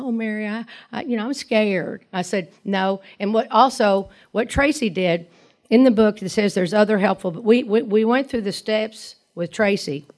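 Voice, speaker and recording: A woman's voice: mid-range voice, darkish tone. An older woman, telling her personal recovery story to a group in a rambling, earnest way, often asking "okay?". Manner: rambling and earnest, frequent restarts, tags lines with "okay?". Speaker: recovery speaker.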